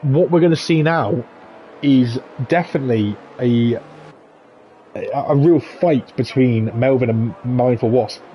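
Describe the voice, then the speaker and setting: A man commentating live on a sim racing league, chatty and jokey with quick asides. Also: mid-range voice, highs cut off, slight background noise. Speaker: esports race commentator.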